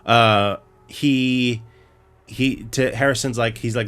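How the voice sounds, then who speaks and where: A man with a fairly low voice co-hosts a casual podcast. He retells a show in an exasperated, swearing rant and keeps stumbling and restarting his sentences. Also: a little slow, a bit bright, smooth, faint music behind. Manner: profane, exasperated ranting with many restarts. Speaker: podcast co-host.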